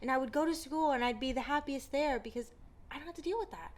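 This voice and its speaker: A woman guest speaks candidly in a casual conversation, telling her own story with strong emphasis. Her voice sits notably high. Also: fast, darkish tone. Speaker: guest artist.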